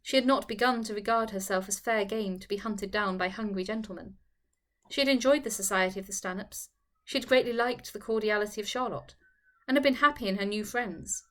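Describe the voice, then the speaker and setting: Measured woman reading a classic. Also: mid-range voice, a bit bright. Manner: measured, formal storytelling. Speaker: audiobook reader. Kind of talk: scripted narration of a classic novel.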